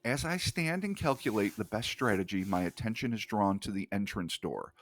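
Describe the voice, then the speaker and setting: A male podcast host reading an account aloud in a hushed, measured way, with casual swearing in his asides. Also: fairly low pitch, lively intonation.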